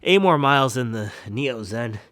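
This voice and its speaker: A man's voice: mid-range voice, animated, normal speed, fairly bright tone, no room sound. Playful rambling man vlogging, dry sound. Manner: playful, rambling, jokey slang. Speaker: running shoe reviewer. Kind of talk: casual vlog.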